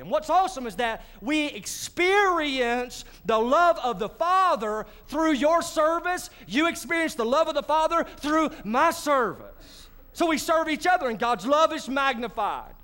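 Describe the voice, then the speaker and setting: This male pastor's voice is extremely high, bright, and forceful, expressive at a moderate pace as he preaches a sermon in a church sanctuary. He speaks straight to the congregation in a conversational style, dropping in asides.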